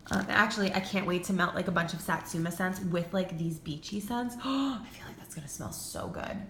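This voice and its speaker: Gushing, excitable woman in her twenties. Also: lowish voice, a little fast, echoey room, a little hiss or hum. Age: 20s. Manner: gushing, excitable, peppered with "like" and swearing. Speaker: vlogger. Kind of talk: casual haul video.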